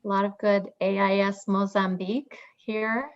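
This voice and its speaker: A woman's voice: medium pitch, little pitch movement, normal speed. A woman co-hosting a webinar, cheerfully reading out where attendees are joining from over a video call. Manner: upbeat, reads out attendee locations. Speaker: webinar co-host. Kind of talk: casual greetings before a webinar. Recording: dull lo-fi video call audio.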